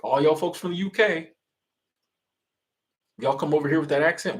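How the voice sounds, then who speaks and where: A man's voice: fairly high pitch, brisk, pauses often. Rambling, easygoing man chatting. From Florida. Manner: rambling, loose and chatty with frequent restarts. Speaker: livestream host answering chat. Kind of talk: casual livestream chat.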